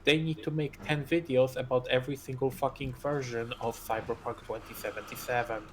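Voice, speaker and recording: A man's voice: medium pitch, steady tone, a little fast, a crowd in the background. A man co-hosting a casual gaming stream, ranting with heavy profanity and strong opinions.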